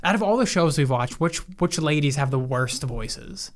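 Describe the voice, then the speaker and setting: A woman's voice: low-pitched, lively intonation, normal speed. A woman co-hosting a podcast, chatting casually in a dry, matter-of-fact way and explaining her points. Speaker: podcast co-host. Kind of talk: casual chat.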